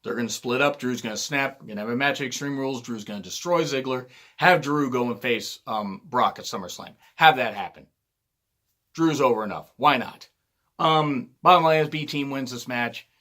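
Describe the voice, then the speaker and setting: Loud, angry man ranting. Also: medium pitch, moderate pace. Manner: loud, heated, swearing often. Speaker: wrestling show reviewer. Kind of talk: angry profane rant.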